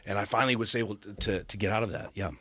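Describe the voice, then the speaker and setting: Man in his thirties, low voice, earnest casual storytelling, frequent restarts, dry close studio sound. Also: racing, breathy edge, no room sound. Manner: earnest, animated retelling with stammered restarts. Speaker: podcast guest. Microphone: studio podcast mic.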